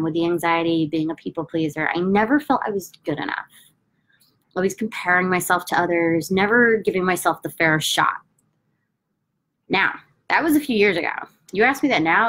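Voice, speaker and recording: Upbeat lowish-voiced woman coaching. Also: fairly bright tone, low-quality recording. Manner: upbeat and emphatic, then slow chanting of affirmations. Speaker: tapping coach. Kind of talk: guided self-help instruction.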